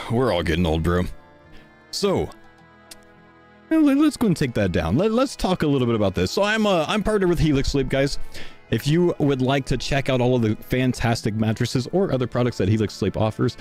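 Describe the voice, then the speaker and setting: A young man streaming live, a little out of breath as he chats his way through a sponsor segment. His voice sits at an ordinary middle pitch, loose and conversational. Faint music plays behind him. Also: sing-song, normal speed, a little mellow. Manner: casual, chatty, talks to chat.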